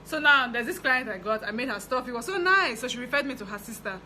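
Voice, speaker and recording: A young Nigerian woman telling a story from her fashion business in a chatty, animated way. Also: fairly high pitch, quick pace, slight background noise, rough recording. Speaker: fashion designer vlogger. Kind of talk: casual storytelling.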